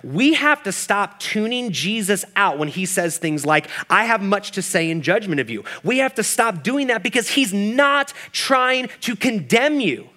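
A middle-aged man preaches with fervor, his voice high for a man and bright and ringing. He steps into quoted voices as he builds his case, pressing each point home to the congregation. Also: expressive, unhurried, hardly any pauses. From Kansas City, United States. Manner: impassioned preaching, voicing Jesus and inner voices in quotes. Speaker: pastor. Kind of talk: sermon.

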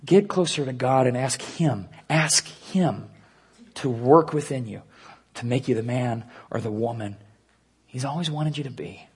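Gravelly-voiced man preaching a sermon. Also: mid-range voice, expressive. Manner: earnest preaching with hushed, slowed emphasis. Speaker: pastor.

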